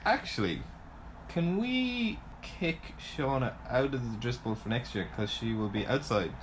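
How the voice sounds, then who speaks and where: A man co-hosting a podcast, blunt and deadpan in casual chat. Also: medium pitch, unhurried, noisy background. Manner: dry, blunt, deadpan put-downs. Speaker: podcast co-host. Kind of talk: casual chat about fantasy sports.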